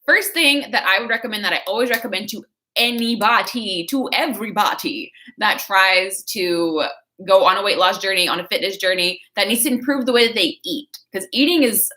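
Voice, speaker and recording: A woman's voice: medium pitch, moderate pace, sharp tone. A woman giving casual motivational talk on a livestream, chatty and coaching, reading out viewer comments. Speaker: fitness creator.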